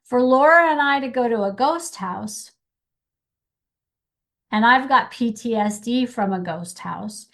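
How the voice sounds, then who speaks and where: A middle-aged woman co-hosting a podcast in casual chat, animated, acting out little quotes as she talks. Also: on the high side, measured pace, long pauses. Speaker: podcast co-host.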